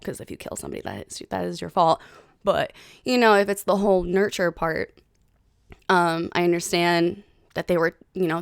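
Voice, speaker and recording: A woman in her thirties hosting a podcast, chatting casually in an animated, heated way with plenty of swearing. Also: mid-range voice, clean tone, no echo, clean studio sound. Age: 30s. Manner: animated, profane, heated storytelling. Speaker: podcast host. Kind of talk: casual chat.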